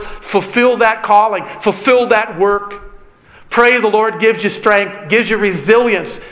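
A man delivering a sermon in an earnest, emphatic way. His voice sits high for a man and sounds bright and forceful. He leans on his points and speaks straight to his listeners. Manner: earnest preaching, emphatic, addresses listeners as beloved. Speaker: pastor.

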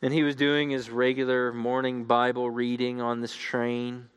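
A man's voice: medium pitch, monotone, normal speed, clear, resonant tone. A man preaching a sermon, earnest and building to fervent appeals to his listeners.

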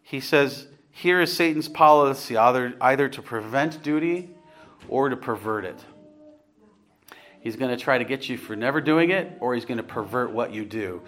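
A man's voice: mid-range voice, normal speed, a bit bright. A man preaching an earnest, conversational sermon, rising to emphatic points and putting questions to his congregation. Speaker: pastor.

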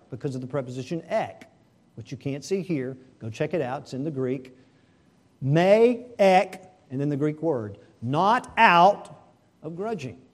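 A man preaching a sermon, animated and asking the congregation rhetorical questions. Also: a little high. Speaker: pastor.

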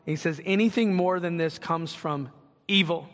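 A man's voice: fairly high pitch, moderate pace. A young man preaching a sermon in a church, in a conversational style with asides and acted-out quotes. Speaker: pastor. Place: church sanctuary. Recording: long reverb of a hall.

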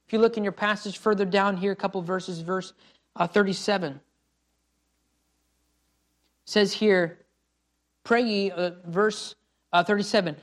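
A male missionary preacher delivers a sermon with fervor. He builds to loud, pleading cries, then drops to a hushed, low voice. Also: steady tone, unhurried, long pauses. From United States. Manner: impassioned, rising to pleading cries and dropping to quiet.

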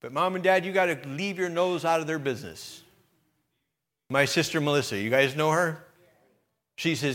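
A middle-aged man preaching a sermon, talking straight to his congregation in a conversational way that swells into loud, emphatic peaks. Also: high-pitched, animated, normal speed. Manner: conversational, direct address to the congregation with repetitions. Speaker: pastor.

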